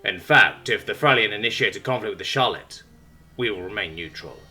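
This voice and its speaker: A man's voice: fairly low pitch, animated, a little fast, pushed and bright, faint music behind. A man voicing a weary male human ambassador who speaks firmly and sarcastically. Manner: sarcastic, firm.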